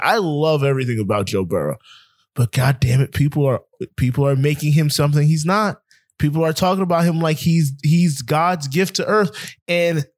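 A man's voice: on the high side, no room sound, clean studio sound. Fired-up young man ranting sports. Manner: heated, profane ranting with laughs. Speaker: podcast co-host. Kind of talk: casual sports podcast chat.

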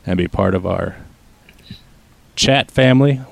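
Brief: low, dry-sounding male host, loose and jokey. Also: unhurried, gravelly, dry recording. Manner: joking, loose, plugs the stream. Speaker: podcast host. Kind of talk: casual chat.

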